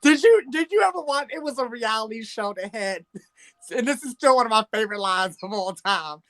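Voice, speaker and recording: Woman co-host; lively storyteller, wide-ranging, slightly high voice. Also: brisk. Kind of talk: casual chat.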